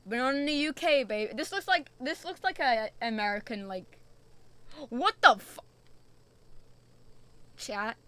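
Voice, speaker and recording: Slow-talking young uk girl streaming vr, bright voice, sweary, easily spooked. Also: sits high, smooth, dry recording. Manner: chatty, swears often, jumpy and excitable. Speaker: VTuber streamer. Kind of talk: casual VR game stream.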